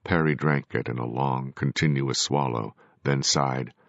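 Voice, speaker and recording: A man narrating a first-person audiobook with measured, grave storytelling. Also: extremely low pitch, steady tone, creaky, dry recording. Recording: dry, dull lo-fi recording.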